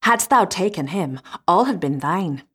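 A woman's voice: lowish voice, lively intonation, measured pace, fairly bright tone, breathy edge, exaggerated voice. A woman voicing a blunt travelling fiddler who scolds his new wife, in a storybook reading. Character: gruff travelling fiddler, a disguised king.

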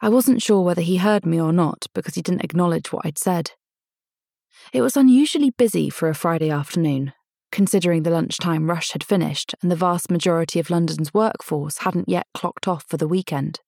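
A woman narrating a first-person novel in a measured, intimate storytelling manner, lightly voicing the dialogue. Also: on the low side, gravelly, a little mellow, dry recording, clean studio sound. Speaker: audiobook narrator.

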